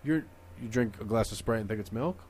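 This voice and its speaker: A man co-hosting a podcast in casual chat, quick and joking, often cutting in on the others. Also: on the low side, a little mellow. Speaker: podcast co-host.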